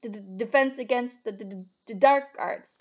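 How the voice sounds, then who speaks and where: A man's voice: very high voice, measured pace, highs cut off. A woman doing a stammering, jittery young teacher. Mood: nervous. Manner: heavy stammer, jittery and timid. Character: pale nervous young male teacher who stammers.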